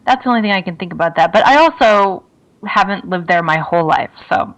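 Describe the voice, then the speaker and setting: A woman's voice: lowish voice, expressive, a little fast, fairly bright tone, low-quality recording. A woman from Minnesota, a guest on a talk show, chatting in a wry way and laughing often. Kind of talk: podcast interview chat.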